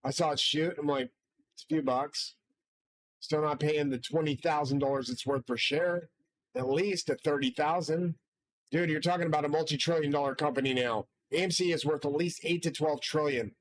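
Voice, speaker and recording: A man's voice: fairly high pitch, fairly even intonation, a little fast, low-quality recording. A man hosting his own channel, delivering a rambling, profane and grandiose solo monologue from his studio. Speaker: channel host.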